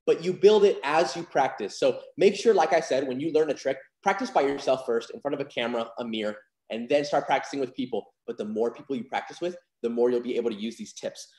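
A man's voice: mid-range voice, fast talker, few pauses, a little mellow. A young man teaching card magic in a casual, upbeat and confident way, with lots of fillers. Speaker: magic instructor. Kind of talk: casual online lesson. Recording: echoey room.

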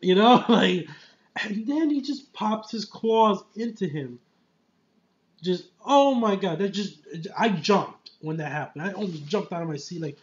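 A man rambles through a casual film review, getting excited and emotional and leaning hard on "like" and "you know." His voice sits a touch high for a man. The recording is muffled and lo-fi. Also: moderate pace. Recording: dull lo-fi recording.

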